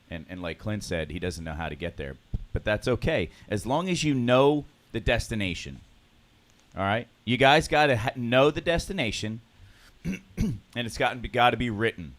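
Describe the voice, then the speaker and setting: A man leads a recovery group in the morning, speaking earnestly and with feeling. His pitch swings a lot as he coaxes the room and he clears his throat often. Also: fairly bright tone. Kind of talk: motivational group talk.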